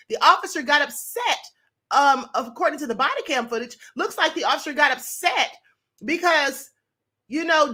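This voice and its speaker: A woman's voice: sits high, sharp tone. A woman hosting a live stream, giving emphatic, opinionated commentary on news stories straight to her viewers.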